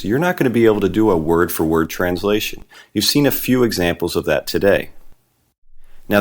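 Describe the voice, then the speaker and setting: Deep-voiced guy teaching a beginner class, patient, explains step by step, slows right down on the foreign words. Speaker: Spanish teacher. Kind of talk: scripted lesson narration.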